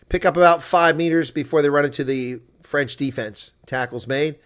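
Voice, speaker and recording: A man hosting live reaction commentary on a rugby match, calling the play and shifting from calm analysis to excited shouting on big moments. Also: on the high side, normal speed, few pauses.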